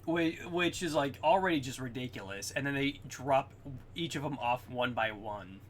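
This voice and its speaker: A young man co-hosting a podcast in casual chat, excitedly recapping scenes, swearing often and acting out quotes. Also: medium pitch, normal speed, slight background noise. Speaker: podcast co-host.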